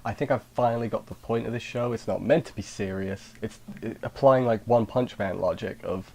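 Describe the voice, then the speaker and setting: A man with a somewhat low voice talks through an anime review in a loose, rambling way. He often breaks off mid-sentence and restarts, and he slips in dry, sarcastic asides. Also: fairly quick, creaky, few pauses, darkish tone, husky. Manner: rambling, sarcastic, self-interrupting. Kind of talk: casual spoken review.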